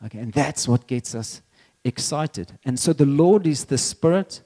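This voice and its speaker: Dark-toned man preaching a casual sermon. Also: medium pitch, expressive, unhurried. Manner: conversational, repeats words, chuckles. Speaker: pastor.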